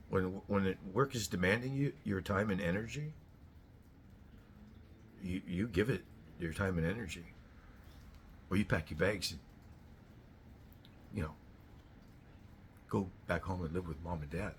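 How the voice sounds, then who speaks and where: Brief: man with a lowish voice, host ranting solo, blunt and crude, voice jumps up when riled. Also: unhurried, long pauses, slight background noise. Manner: blunt, profane, swings to loud outbursts. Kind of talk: ranting monologue.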